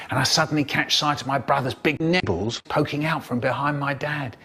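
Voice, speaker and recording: A man performing comic stories for an audience, playful and animated, with sound effects along the way. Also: medium pitch, fairly quick, hardly any pauses, slightly rough. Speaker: storyteller.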